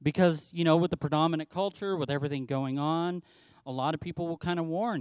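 Male pastor, animated storyteller in a sermon; clean, dry close sound. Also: a little high, fast talker, clear, resonant tone, no room sound. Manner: animated storytelling, acting out quotes.

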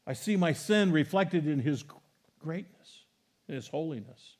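A middle-aged pastor delivers a sermon in a fairly high, unhurried voice, chatting with the congregation between passages. His preaching is animated, and when he reads scripture his emphasis climbs until he's nearly shouting the quotes.

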